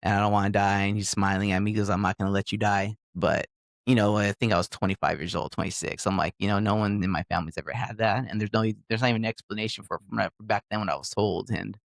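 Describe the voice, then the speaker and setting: A man's voice: fairly low pitch, steady tone, fast, vocal fry, no echo, studio quality. A middle-aged man giving a personal testimony as a podcast guest, rambling and emotional, with nervous laughs and restarts.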